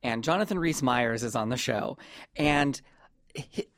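A man hosting a comedy podcast, talking in a playful, rambling, animated way. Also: medium pitch, moderate pace. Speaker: podcast host. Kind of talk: casual comedic chat.

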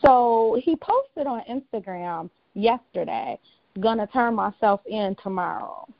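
A woman's voice: mid-range voice, animated, unhurried, gravelly, no echo. A woman with a Southern US accent co-hosting a podcast in a casual chat, chatty and full of "you know.". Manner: chatty, laughs often, says "you know" a lot. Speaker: podcast co-host. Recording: dull lo-fi home recording, fan hum.

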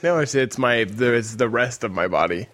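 A man co-hosting a podcast, chatting casually in a halting, self-deprecating way. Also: medium pitch, a bit bright. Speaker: podcast co-host. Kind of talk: casual chat.

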